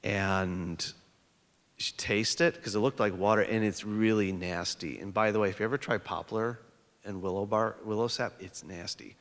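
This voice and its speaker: A man's voice: on the low side, steady tone, moderate pace, a bit bright. Man telling a story in a reverberant hall. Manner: conversational, with frequent fillers and restarts. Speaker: panelist and educator. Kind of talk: storytelling panel presentation with slides. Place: lecture hall.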